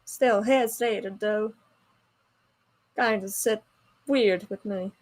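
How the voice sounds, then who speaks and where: A woman's voice: medium pitch, steady tone, slow pace, a little mellow. A woman from the American South playing a tabletop role-playing game, hesitant and filler-heavy. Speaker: tabletop player. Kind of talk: in-character role-play banter.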